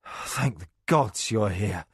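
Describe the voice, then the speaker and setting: A man's voice: on the low side, animated, slow pace, husky, no echo, clean studio sound, voice pushed down, exaggerated voice. A man voicing a wounded, exhausted male warrior who talks in a weary, strained way in a storybook reading. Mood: weary wry.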